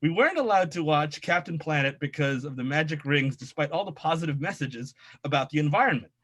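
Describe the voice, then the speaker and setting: A man's voice: fairly high pitch, animated, fairly quick, a bit bright, breathy edge, pitched below the performer's own voice. A man doing a nerdy letter reader. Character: nasal nerdy young man reading a letter.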